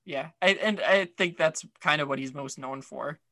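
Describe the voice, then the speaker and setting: A man co-hosts a podcast in a loose, rambling chat, full of fillers and restarts. His voice sits a touch high and rings bright, and the recording is dry and close. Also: moderate pace, no room sound. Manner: chatty, rambling, many fillers. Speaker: podcast co-host. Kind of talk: casual chat.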